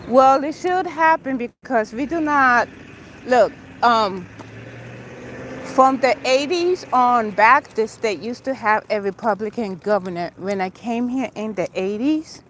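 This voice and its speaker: Slow-talking, high-voiced woman livestreaming outdoors. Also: a little hiss or hum. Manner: chatty, opinionated, greets viewers by name and drifts between topics. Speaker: livestream host. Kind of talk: rambling livestream chat while walking. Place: outdoors on city streets.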